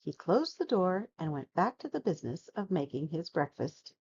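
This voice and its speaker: A woman reading a children's picture book aloud, narrating with expressive, dramatic storytelling. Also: fairly low pitch, normal speed, breathy edge, lo-fi sound.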